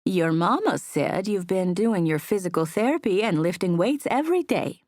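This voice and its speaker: A woman's voice: medium pitch, lively intonation, moderate pace, darkish tone, no echo, lightly acted. Woman playing a doting grandma, older, raised-up voice, dry. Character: chatty Southern grandma who dotes on her grandson.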